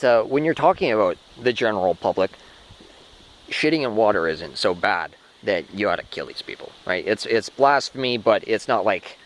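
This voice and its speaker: A man's voice: on the low side, low-quality recording. A man talking through a rambling spoken monologue, restarting often and swearing casually. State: short of breath.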